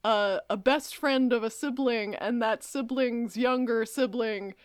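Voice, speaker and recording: A woman's voice: fairly high pitch, unhurried, no room sound, studio quality. A young woman co-hosting a podcast, chatting casually and giggling, with plenty of fillers. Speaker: podcast co-host. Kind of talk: casual recap chat.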